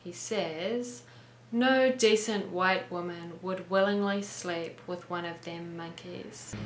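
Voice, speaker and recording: Lower-voiced New Zealand woman teaching English. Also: a bit bright, reverberant, a little hiss or hum. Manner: clear, explanatory, modelling pronunciation. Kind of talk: casual explaining lesson.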